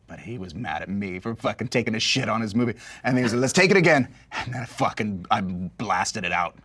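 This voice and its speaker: Fast, profane male storyteller, animated interview anecdote. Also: lowish voice, no room sound. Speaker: actor telling a story in an interview.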